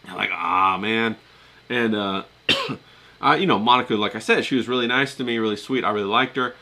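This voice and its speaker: A man's voice: mid-range voice, animated, a little fast, pushed and bright. A middle-aged man who talks in a chatty, rambling way, telling a story casually to his viewers with many fillers and restarts. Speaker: vlogger talking to his live chat.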